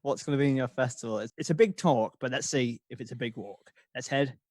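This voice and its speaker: A man's voice: mid-range voice, quick pace, darkish tone, dry recording, studio quality. A man hosting a casual podcast interview, laughing often as he asks questions. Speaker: podcast host.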